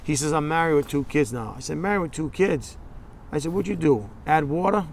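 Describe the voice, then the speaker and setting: A man's voice: on the high side, animated, a little fast, vocal fry, slight background noise. A man in a documentary interview, bluntly telling a story and acting out both sides of phone calls.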